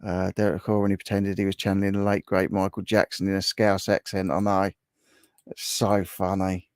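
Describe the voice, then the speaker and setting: A fairly low-voiced man hosts a relaxed livestream from home, chatting loosely and laughing often. The sound is dry and close, with no room echo. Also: a little fast, clean tone. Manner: chatty, laughs often, reads viewer comments aloud. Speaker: livestream host. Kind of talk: casual livestream chat reading comments.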